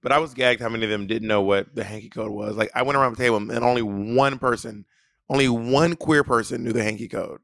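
Gravelly-voiced man co-hosting a chat. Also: medium pitch, quick pace, no echo. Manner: blunt, profane and animated. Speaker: co-host. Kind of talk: casual podcast chat.

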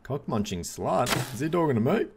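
A man giving casual gameplay commentary, swinging between dry remarks and excited shouts. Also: mid-range voice, normal speed, creaky, heavy background noise. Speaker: gaming YouTuber.

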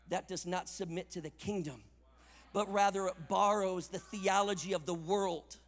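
A man preaching a sermon at a conference, emphatic, swinging between loud punches and quiet asides. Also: sits high, big-room sound. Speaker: conference speaker. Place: conference hall.

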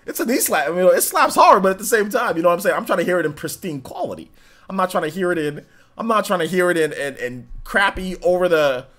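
A man's voice: mid-range voice, fairly bright tone. A man in his thirties hosting a livestream, chatting casually and telling a rambling, slangy story. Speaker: streamer host.

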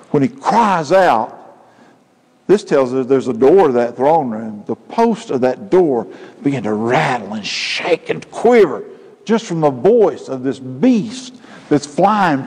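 A man's voice: a little high, big pitch swings, slow pace, husky. Man, pastor, impassioned sermon, long church reverb. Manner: impassioned preaching, rising to loud emphatic peaks. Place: church sanctuary.

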